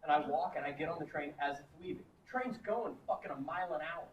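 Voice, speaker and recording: A man's voice: fairly high pitch, fast talker, highs cut off. A man from Texas telling laughing, profane anecdotes as a guest on a convention panel, heard in a noisy hall from far off.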